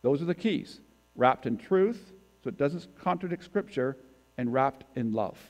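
A man's voice: medium pitch, expressive, measured pace. A man giving a sermon as a guest preacher, talking in a conversational way and putting questions to the congregation. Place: church sanctuary.

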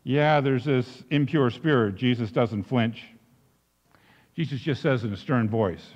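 A man preaching a sermon, telling the story in an animated way with frequent restarts. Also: mid-range voice, unhurried, long reverb tail, muffled recording. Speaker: pastor.

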